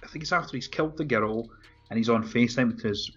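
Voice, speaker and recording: Talking fast in a husky mid-range voice, a man casually comments over a film on a podcast. He swears often, laughs a lot, and is animated as he retells scenes, heard through dull lo-fi audio with faint music.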